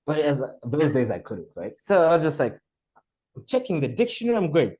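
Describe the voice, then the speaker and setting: A Zambian man in his forties guests on a podcast, telling stories in a casual interview. His voice is a little high and fairly quick, and he's an animated storyteller who acts out dialogue and laughs often, though the audio quality is poor.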